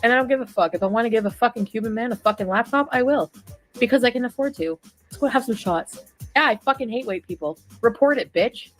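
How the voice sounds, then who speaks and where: A woman's voice: fairly high pitch, fast talker, poor audio. Drunk woman ranting profanely, music behind. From Canada. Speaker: livestreamer. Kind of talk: drunken livestream rant.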